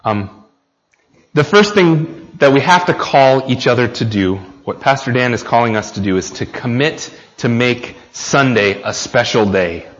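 Earnest American preacher, mid-pitched, sermon delivered straight to the congregation, slightly muffled recording. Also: male voice, lively intonation, a little slow, long reverb tail. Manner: earnest, speaks directly to the congregation with questions.

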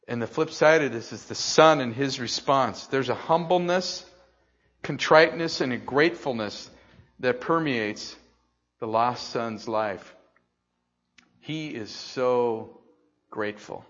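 An older man preaching a sermon, dropping to slow hushed phrases and then rising loud and excited. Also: medium pitch. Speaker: pastor. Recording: slightly dull, lo-fi.

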